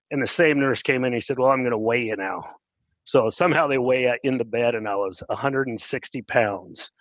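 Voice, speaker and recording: A middle-aged man, an interview guest, telling a personal story in an earnest, plainspoken way and pausing when moved. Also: medium pitch, fairly bright tone, no echo, dull audio.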